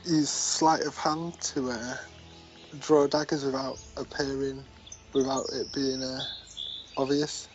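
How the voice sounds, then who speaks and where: A player describing a character's actions in a tabletop game, halting with fillers. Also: medium pitch, little pitch movement, darkish tone, soft background music. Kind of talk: casual game chat. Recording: distant, dull lo-fi audio with hiss.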